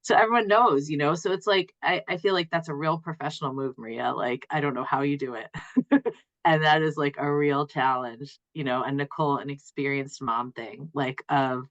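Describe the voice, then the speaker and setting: A woman's voice: low-pitched, moderate pace, fairly bright tone, lo-fi sound. A woman guest on a podcast, a mother, chatting casually in a bubbly way, laughing often and using lots of fillers. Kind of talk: casual chat.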